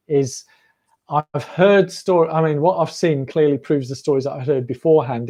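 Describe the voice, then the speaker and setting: A man's voice: on the high side, warm tone. A man hosting a running livestream, rambling and chatty with frequent laughs. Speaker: running channel host. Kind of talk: casual livestream chat.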